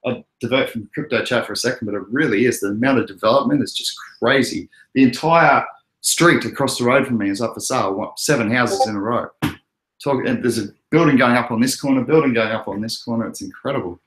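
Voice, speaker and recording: A young Australian man from Queensland talks in a relaxed, chatty way, answering messages from his viewers as he goes. His voice sits at a middle pitch, and the room around him gives it a noticeable echo. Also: a little fast. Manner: laid-back, chatty, answers chat messages. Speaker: crypto livestream host. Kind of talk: casual livestream chat. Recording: echoey room.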